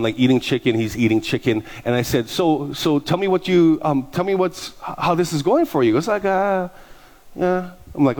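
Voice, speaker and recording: A man preaching to his congregation, his pitch climbing and dropping as he acts out the people in his stories. His voice sits a little high for a man, and he talks in a loose, conversational way. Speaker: pastor. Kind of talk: sermon storytelling.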